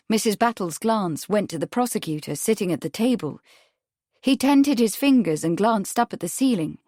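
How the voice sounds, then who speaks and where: A woman's mid-range voice carries this scripted audiobook reading, which is measured and even. The studio recording is clean, with no echo.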